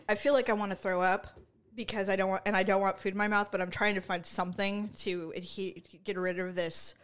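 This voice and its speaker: A woman's voice: medium pitch, fairly even intonation, fairly quick. A woman from the Bay Area co-hosting a casual podcast chat, complaining with exaggeration about her burning mouth and runny nose. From San Francisco Bay Area. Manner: chatty, exaggerated complaining, laughing. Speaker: podcast co-host.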